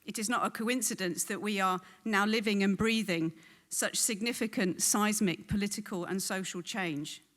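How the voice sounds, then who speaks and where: Frequent "um" pauses break up the earnest, prepared welcome this event host gives in a venue hall. She is a woman from England with a southern English accent, and her medium-pitched voice sounds a bit bright.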